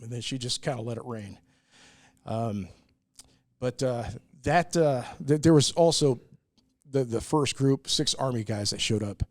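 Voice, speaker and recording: A man's voice: mid-range voice, unhurried, dry recording, clean studio sound. A middle-aged American man, a brewery owner, telling stories in a casual interview, earnest and full of "uh"s. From United States. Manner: earnest, many "uh"s, acts out quoted people. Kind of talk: casual storytelling in a podcast interview.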